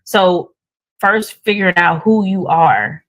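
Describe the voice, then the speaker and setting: A woman co-hosting a casual faith-based talk show, speaking, naturally loud and animated, laughing easily. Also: on the low side, slow pace, rough recording. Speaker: podcast co-host.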